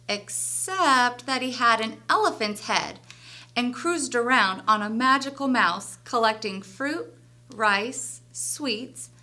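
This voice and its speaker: A woman teacher reading a children's story aloud with an expressive storyteller voice. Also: on the high side.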